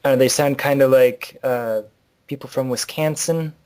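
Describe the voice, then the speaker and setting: Brief: easygoing male co-host, mid pitch, loose filler-heavy delivery. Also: moderate pace. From near Buffalo, New York. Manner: relaxed, hedging, many likes and I don't knows. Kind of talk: casual chat.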